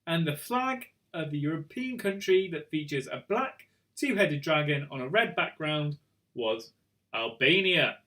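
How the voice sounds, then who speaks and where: Brief: male quiz host, slightly high voice, chatty and self-mocking, stumbles over words. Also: animated, measured pace, sharp tone. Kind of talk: casual live quiz hosting.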